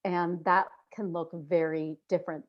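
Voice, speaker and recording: Speaking at a measured pace in a level tone, a female interview guest reflects earnestly in a casual conversation. She voices her inner thoughts with abrupt leaps in pitch, and the audio has its highs cut off.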